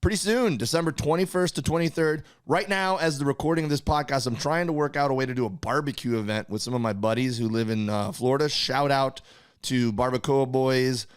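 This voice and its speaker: Man, comedy podcast host, smooth resonant voice, deadpan teasing, casual chat. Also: medium pitch, a little fast, dry recording, studio quality.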